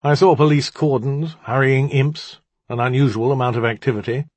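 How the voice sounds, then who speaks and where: A man's voice: medium pitch, steady tone, normal speed, a little mellow, dry recording, pitched above the performer's own voice, close to an everyday voice. Bartimaeus, a man voicing a wry boastful demon. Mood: sardonic. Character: wry, boastful male demon narrating in first person.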